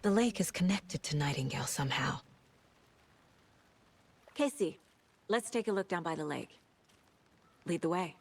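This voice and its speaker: An actress playing a focused, analytical FBI profiler in a video game, speaking in a low, measured, often hushed way. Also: female voice, lively intonation, breathy edge. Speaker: game character.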